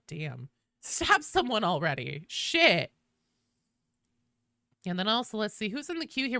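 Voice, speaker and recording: Woman streamer chatting with chat, swears a lot, bouncy pitch, dry close sound. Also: pushed and bright, dry recording. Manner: chatty, swears casually, greets viewers in a high sing-song. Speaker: game streamer. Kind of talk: casual livestream chat while gaming.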